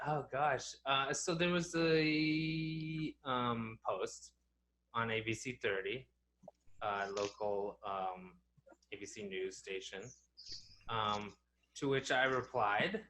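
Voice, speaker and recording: A man's voice: medium pitch, fairly even intonation, takes it slowly, sharp tone. A young man co-hosting a podcast, rambling in casual chat with many fillers and restarts. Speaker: podcast co-host.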